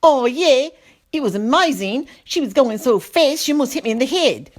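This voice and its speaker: A woman putting on a bright, exaggerated Australian accent to voice a female gymnastics judge. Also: sits high, animated, normal speed, pitched above the performer's own voice. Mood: gushing. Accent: Australian (put on, poor).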